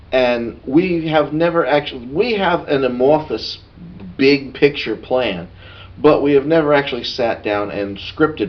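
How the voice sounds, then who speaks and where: A man recapping a tabletop game session in a casual, rambling way, full of asides. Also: mid-range voice. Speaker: podcast co-host. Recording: dull lo-fi sound.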